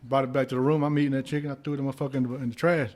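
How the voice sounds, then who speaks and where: A man's voice: mid-range voice, rapid-fire. Profane storytelling man. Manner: animated anecdotes with profanity and laughter. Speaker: podcast guest, former heavyweight boxer. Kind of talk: casual storytelling.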